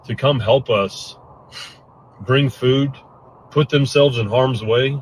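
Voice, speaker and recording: A man's voice: medium pitch, slow pace, slight background noise, rough recording. A man giving an earnest, choked-up update after a storm, speaking bluntly. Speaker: hurricane survivor giving an update. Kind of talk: emotional first-person update.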